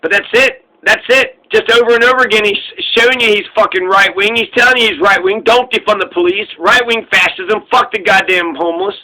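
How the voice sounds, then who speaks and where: Solo political commentator, male, sarcastic and profane, high and piercingly bright. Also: fairly quick, few pauses, rough recording. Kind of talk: casual profane political rant.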